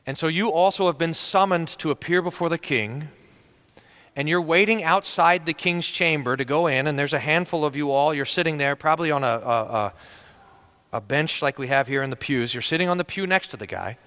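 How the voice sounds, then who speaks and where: A man's voice: fairly high pitch, brisk, bright, forceful tone, smooth. A male pastor preaching a sermon in a conversational storytelling manner, often restarting his sentences.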